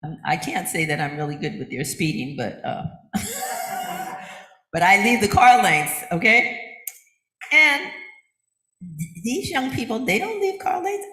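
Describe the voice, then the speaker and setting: A woman's voice: medium pitch, normal speed. An older woman minister preaching in a loose, conversational way, slipping into little acted-out voices of other people and laughing along with her congregation. Her voice rings out through a roomy church with noticeable echo. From United States. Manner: chatty and animated, acting out quotes with laughter. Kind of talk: conversational sermon. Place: church sanctuary.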